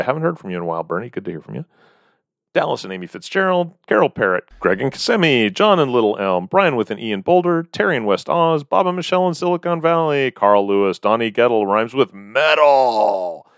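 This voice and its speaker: A man's voice: medium pitch, dry recording, clean studio sound. A man co-hosting a podcast, chatting casually and wryly reading out a list of listener names. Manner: wry, reads out a long list of names. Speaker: podcast co-host. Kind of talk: casual chat.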